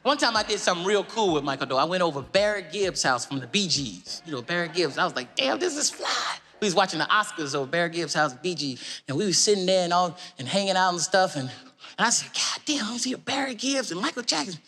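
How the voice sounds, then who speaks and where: A male comedian telling stories in interviews, acting out every voice with lively energy. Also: a little high, fast. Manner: animated, acts out every voice in his stories. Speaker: guest comedian. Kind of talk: comic storytelling in interviews.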